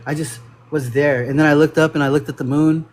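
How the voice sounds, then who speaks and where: This man has a slightly raised voice and tells his stories with animation, filling them with "like" and casual slang. He sounds like a guest in a relaxed spiritual chat. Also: a little high, fairly quick, slight background noise. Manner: animated storytelling with lots of "like" and laughs.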